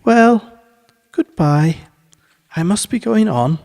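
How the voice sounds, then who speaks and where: A man voicing a gentle, simple-minded male teddy bear in a bedtime storybook reading, high and slow and wondering. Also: expressive, vocal fry, heavily acted. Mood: awkward, polite.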